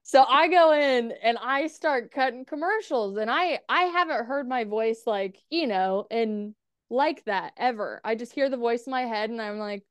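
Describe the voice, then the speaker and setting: A woman's voice: a little high, lively intonation, normal speed, clean tone, no room sound. A woman guest on a podcast telling stories in a casual, candid way, swearing freely and acting out conversations. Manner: candid, swears freely, quotes herself and others in dialogue. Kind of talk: casual storytelling interview.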